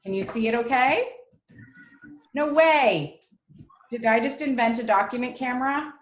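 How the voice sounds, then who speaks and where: A woman's voice: on the high side, fast. A woman reading teacher leading a live online reading class over a video call, chatty and encouraging with a self-deprecating humor. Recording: roomy echo.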